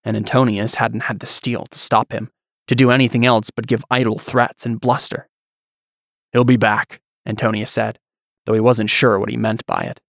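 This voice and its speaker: A man's voice: fairly low pitch, little pitch movement, gravelly, fairly bright tone, dry recording, studio quality. Male narrator reading fantasy fiction. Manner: measured storyteller reading.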